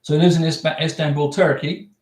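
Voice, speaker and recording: Blunt high-voiced man coaching viewers. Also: flat delivery, quick pace, a little mellow, reverberant. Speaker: livestream host giving visa advice. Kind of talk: casual livestream chat reading viewer comments.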